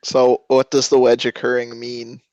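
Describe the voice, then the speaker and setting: A man's voice: mid-range voice, completely flat delivery, normal speed, darkish tone, no room sound, highs cut off. A man playing in a tabletop role-play, chatting in a joking, playful way. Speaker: player. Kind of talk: casual chat during a tabletop game.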